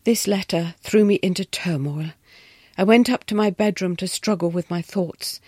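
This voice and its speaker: A woman's voice: on the low side, moderate pace, dark tone, husky, no room sound, studio quality. A woman narrating a story expressively, often dropping into a whisper.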